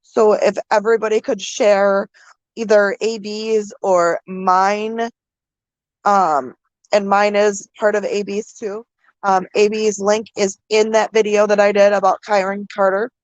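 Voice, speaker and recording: A woman vlogger from the American Midwest, talking to her viewers through tears, halting with many pauses and fillers. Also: medium pitch, little pitch movement, no echo, dull audio. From Minnesota. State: crying. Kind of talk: emotional vlog talk to viewers.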